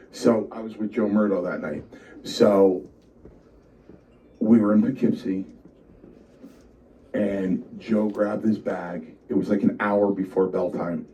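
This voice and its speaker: Stammering man telling stories. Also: fairly low pitch. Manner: animated anecdotes with stammered restarts. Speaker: podcast co-host. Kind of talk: casual storytelling. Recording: distant dull lo-fi.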